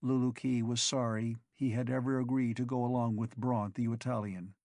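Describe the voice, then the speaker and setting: A man narrating an audiobook story in a steady, measured way. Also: mid-range voice, no echo. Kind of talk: scripted narration.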